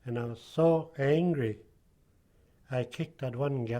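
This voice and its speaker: An older man giving personal testimony in an interview, speaking haltingly with many pauses and fillers. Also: mid-range voice, warm tone.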